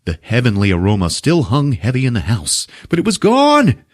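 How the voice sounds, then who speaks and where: A man voicing a boy narrator with overblown, mournful storytelling in a high squeaky voice. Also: expressive, a little fast, a little mellow, no room sound, studio quality. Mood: mock-mournful.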